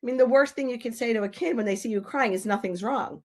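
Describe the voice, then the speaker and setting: A woman guest on a podcast, speaking as a grief expert in an emphatic, animated way. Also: a little high, very fast. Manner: animated, emphatic, acts out quoted voices. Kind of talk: podcast interview.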